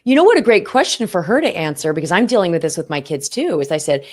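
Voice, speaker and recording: A woman guest coach on a podcast, telling lively anecdotes in a chatty, animated way. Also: on the low side, fast talker. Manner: animated storyteller, warm anecdotes about her kids. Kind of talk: casual podcast conversation.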